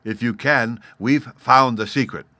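A patient caveman father explains things slowly and with a playful tease, as a man reading aloud puts him on. His voice is bright and crisp, close and dry, much like the reader's own. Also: mid-range voice, no room sound. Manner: patient, teasing, explaining step by step.

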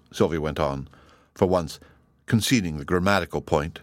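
A man narrating a children's story in an expressive, measured way. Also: deep voice, no echo. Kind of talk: audiobook narration.

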